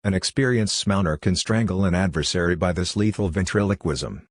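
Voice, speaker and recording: A man reading as a brisk clinical young doctor. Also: sits low, no room sound. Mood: lecturing.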